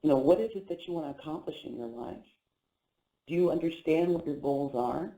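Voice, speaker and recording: A man's voice: a little high, fairly quick, creaky, dark tone, echoey room, low-quality recording. A man hosting a motivational talk show as a life coach, speaking earnestly and repeating phrases to encourage listeners through a guided visualization. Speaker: life coach and podcast host.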